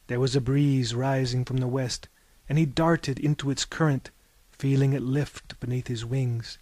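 A man reading a story aloud in a measured, lyrical way. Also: mid-range voice, fairly even intonation, a little mellow, no room sound. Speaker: narrator.

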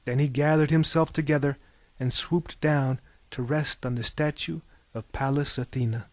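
A man reading a story aloud in a measured, lyrical way. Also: medium pitch, fairly even intonation, dry recording. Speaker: narrator.

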